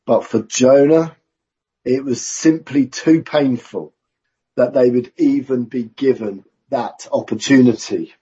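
A man preaching a sermon in a church, measured and conversational with self-aware asides. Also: mid-range voice, mellow, slightly rough. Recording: dull lo-fi recording.

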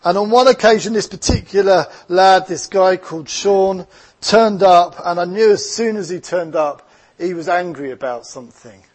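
A man's voice: high voice, normal speed. A man with an Essex English accent preaching a sermon as a pastor, earnest and reflective, mixing scripture with personal stories.

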